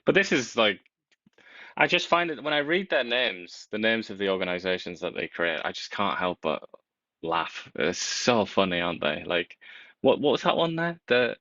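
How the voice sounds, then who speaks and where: A man co-hosting a casual political chat, talking in an animated, wry way with big swings in pitch. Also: moderate pace, no room sound, muffled recording.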